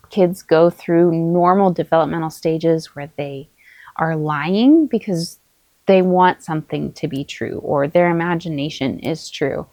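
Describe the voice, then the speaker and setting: Calm, earnest middle-aged mother giving advice. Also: lowish voice, no echo. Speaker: parenting vlogger, mother of many. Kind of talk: casual spoken advice to camera.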